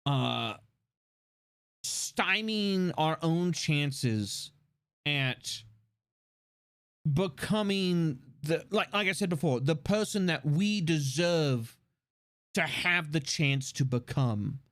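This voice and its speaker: A young man hosting a casual livestream chat, joking and laughing often, with halting restarts. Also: on the high side, lively intonation, a bit bright, smooth, no room sound. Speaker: streamer host.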